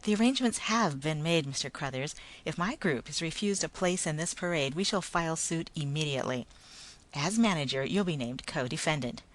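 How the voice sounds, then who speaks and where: A woman reading a story, voicing a male Martian ant who speaks gently, politely and firmly. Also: deep voice, brisk. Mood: calm firm. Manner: calm, polite, formal, gentle but firm.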